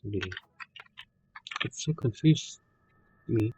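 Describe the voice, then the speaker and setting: This gamer's voice is medium-pitched and warm with vocal fry, and he speaks at a slow pace. Chatting casually as he plays, he curses frequently and phrases things loosely like a non-native speaker, over a lo-fi capture carrying a little hiss or hum.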